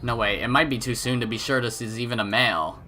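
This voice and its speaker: A man reading a visual novel aloud in an expressive, animated way. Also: mid-range voice, fast talker, faint music behind. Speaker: let's play narrator.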